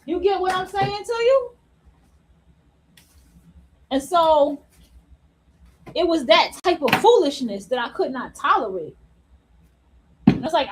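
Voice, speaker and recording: A woman's voice: extremely high pitch, expressive, a little hiss or hum, rough recording. A woman hosting an unscripted opinion monologue, blunt and profane. She laughs at her own points and repeats phrases for emphasis. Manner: repeats phrases for emphasis, drawing words out slowly. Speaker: host.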